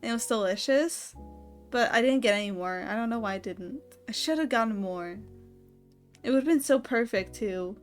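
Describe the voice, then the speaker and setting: A woman streamer chats casually late at night, rambling and breaking into giggles. Her voice sits a bit high. Quiet music plays underneath. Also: moderate pace. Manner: giggly and rambling, laughing often.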